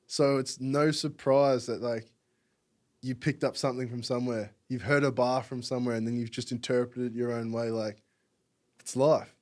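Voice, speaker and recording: A man's voice: mid-range voice, fairly even intonation, normal speed, darkish tone. A young Australian man from Melbourne, a podcast guest talking casually, rambling with lots of "like" and frequent laughs. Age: young adult. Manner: rambling, heavy use of "like", laughs often. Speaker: podcast guest, music publication founder. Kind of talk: casual conversation.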